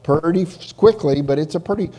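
A pastor preaching a sermon in church, animated, swinging from loud emphasis to hushed asides. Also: male voice, a little high, a little fast, breathy edge. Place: church sanctuary.

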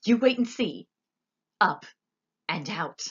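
A woman voicing an eccentric, cheerful male candy maker in a storybook reading, with quick, exclamatory, bubbly delivery. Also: mid-range voice, animated, slightly rough, muffled recording, pitched above the performer's own voice. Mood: gleeful. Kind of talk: storybook character voice.

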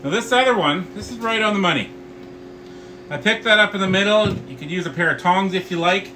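A middle-aged man teaches a live barbecue class in a bright, clear, rather high voice. He explains each step to his viewers in a friendly, chatty way. A faint outdoor hum sits behind him. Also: a little fast, poor audio. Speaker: barbecue instructor and host. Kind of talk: live cooking tutorial.

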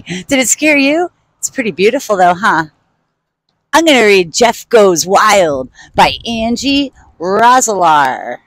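A woman reading a children's picture book aloud outdoors in an animated, playful way. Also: on the high side, no echo, low-quality recording.

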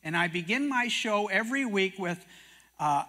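A man's voice: high-pitched, expressive, normal speed, sharp tone. An older man from Canada, a prophecy teacher and TV host, telling stories sermon-style and acting out dialogue. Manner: folksy storyteller, acts out dialogue in quotes. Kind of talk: sermon-style storytelling talk.

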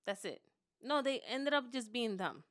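A woman with a fairly high voice tells a story with dramatic flair on a casual podcast. She acts out the other people's voices as she goes and laughs through the tense parts. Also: lively intonation, normal speed. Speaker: podcast co-host. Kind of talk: animated storytelling chat.

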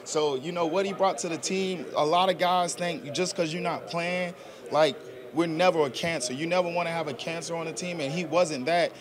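Young guy, football player, slangy and earnest, kinda high voice, crowd noise going behind. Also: steady tone, normal speed. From South Georgia, US. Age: 20s. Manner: casual, earnest, slangy talk. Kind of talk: press interview answers.

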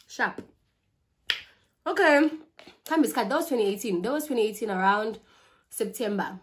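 Higher-pitched South African woman with flu. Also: normal speed, pauses often, slight background noise. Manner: lively, chatty, switches between languages mid-sentence. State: has a flu with a cough. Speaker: vlogger. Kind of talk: storytime chat over a meal.

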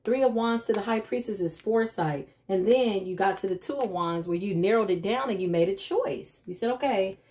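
A woman's voice: mid-range voice, a little fast, hardly any pauses, a little mellow. A woman reads tarot for an unseen audience. Her talk is loose and chatty, and she lands her points with emphatic slangy asides. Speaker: tarot reader. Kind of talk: casual tarot reading to camera.

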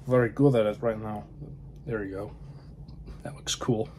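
Speaking at a moderate pace with fairly even intonation, this man has a fairly low, darkish voice. He is a film vlogger rambling casually about films, often letting his words fade to a murmur, with slight noise in the background.

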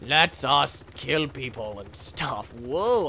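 A man hosting a let's play, commentating his own game with excitable jokes and yelps. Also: medium pitch, slow pace, gravelly, few pauses, a little hiss or hum. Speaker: gaming channel host.

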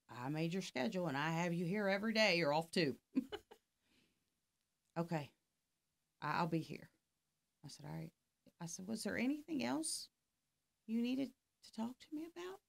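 A middle-aged woman with a low, gravelly voice, a life coach appearing as a podcast guest, tells a story in casual conversation. She acts out both sides of the dialogue.

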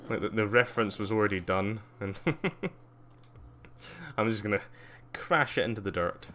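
A man commentates his own gameplay live in a lowish voice with very lively swings in pitch. He is excitable and self-mocking, squealing at jumps and laughing as he chats with his viewers. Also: measured pace, slight background noise. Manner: excitable, squeals gleefully at jumps and mocks himself; chats with viewers while playing, laughs often. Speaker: streamer playing a video game.

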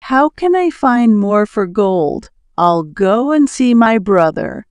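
A poor, hardworking husband from a storybook tale, gentle and devoted, as a woman reads him out. The words come very slowly and crisply, with a dry, close sound. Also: medium pitch, sing-song, no echo. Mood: tender.

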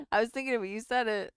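A woman's voice: on the high side, smooth, no room sound, clean studio sound. A woman chatting casually on a sewing livestream, laughing often and reading chat aloud.

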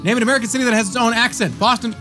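A man's voice: extremely high pitch, racing, bright, forceful tone, faint music behind. A man in his thirties streaming from home, reading out chat answers and joking through a quiz game. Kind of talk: casual livestream commentary.

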